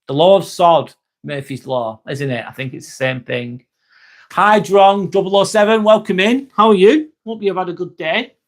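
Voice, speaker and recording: Chatty English man with a raised voice. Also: fairly high pitch. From England. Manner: chatty, greets viewers by name, swears casually. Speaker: live streamer. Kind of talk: casual livestream chat, answering viewer comments.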